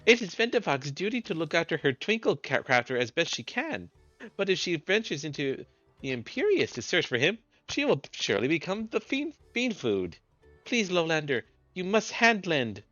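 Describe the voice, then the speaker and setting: A man's voice: fairly high pitch, big pitch swings, normal speed, fairly bright tone, dry recording, muffled recording, soft background music, pitched above the performer's own voice. A man voicing a small, frantic female beast-tribe creature who pleads urgently in broken grammar. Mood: frantic pleading. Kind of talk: voicing game dialogue.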